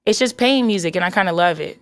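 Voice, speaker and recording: Chatty young woman, lowish voice. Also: lively intonation, fast talker. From North Carolina. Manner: chatty, many "like" fillers, upbeat. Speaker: singer guest. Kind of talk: casual interview chat.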